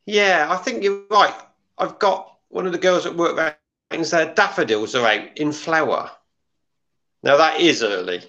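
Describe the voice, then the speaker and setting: A man's voice: fairly high pitch, a little slow, sharp tone, dull audio. A man chatting casually as a guest, dry and understated. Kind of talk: casual chat.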